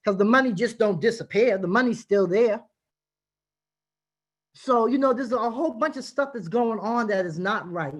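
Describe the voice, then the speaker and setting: A middle-aged woman, a community activist giving impassioned, emphatic testimony at a city hearing over a video call. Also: mid-range voice. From Boston, Massachusetts.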